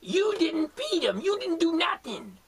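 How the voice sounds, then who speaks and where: A rude, bossy hillbilly grouch, as a man puts him on for a homemade comedy bit. The high, gravelly voice swings wildly, and he drags out his words while barking insults. It is heard from well back from the mic. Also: sing-song, a little slow, heavily acted. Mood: scolding. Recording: voice far from the mic.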